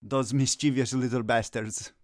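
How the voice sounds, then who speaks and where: A man's voice: medium pitch, fairly even intonation, normal speed, dry recording, studio quality. A middle-aged man playing a youth soccer coach in a comedy sketch, given to gloomy melodramatic rants that flare into agitated Italian curses.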